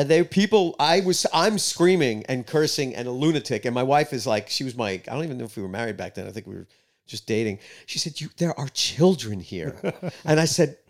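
New guy, mid-pitched voice, loud jokey storyteller on a podcast. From New York. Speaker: band member guest. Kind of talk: casual podcast chat.

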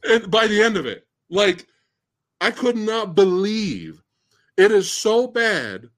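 High lively-voiced guy hosting a live movie chat, disbelieving and cussing a lot. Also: takes it slowly. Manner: excitable, incredulous, profane ranting. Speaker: host. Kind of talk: live-stream movie discussion.

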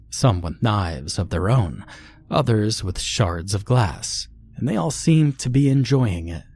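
A man narrating a scripted horror story in a measured, grim way. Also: fairly low pitch, darkish tone.

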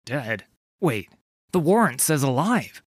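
A man voicing a menacing tattooed male corsair, gruff and snarling. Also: lowish voice, slow, no room sound, studio quality. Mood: alarmed.

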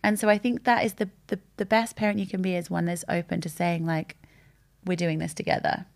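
Gravelly-voiced woman in her thirties. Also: on the low side, a little fast. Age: 30s. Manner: open, animated storytelling with quoted voices. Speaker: podcast guest. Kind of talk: candid conversational chat.

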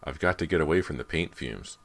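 A man's voice: extremely low pitch, animated, brisk, vocal fry, fairly bright tone, exaggerated voice. A man reading an audiobook voices a jealous, teasing teenage twin girl with a complaining, accusing tone.

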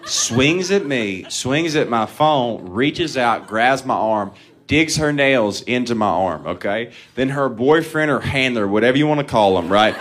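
A man's voice: medium pitch, lively intonation, measured pace, fairly bright tone. A man doing a stand-up comedy set, telling profane, self-deprecating stories and chuckling at his own lines.

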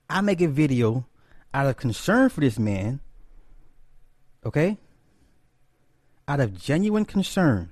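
A man giving casual online commentary in an animated, profane way, repeating lines for emphasis. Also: medium pitch, slow pace, long pauses, no echo, studio quality.

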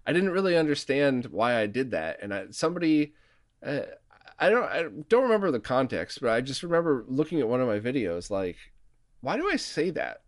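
A man hosts a podcast in a chatty, self-deprecating way and laughs easily as he talks. His voice sits at an ordinary middle pitch for a man. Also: sing-song, fairly quick. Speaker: podcast host. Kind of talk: casual podcast conversation. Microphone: remote recording mic.

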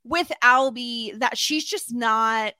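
A woman's voice: fairly high pitch, slow, no room sound, studio quality. A woman talking in casual podcast chat, chatty and full of fillers. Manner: chatty, filler-heavy, animated. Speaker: podcast guest.

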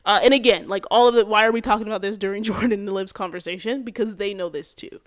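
A woman hosting a podcast, recapping a TV episode in an animated, casual way with many fillers and quick bursts. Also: medium pitch. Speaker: podcast host.

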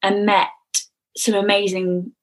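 A woman guest on a podcast, talking casually, with halting restarts and frequent laughter. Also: mid-range voice, level tone. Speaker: guest author. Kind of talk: casual interview chat.

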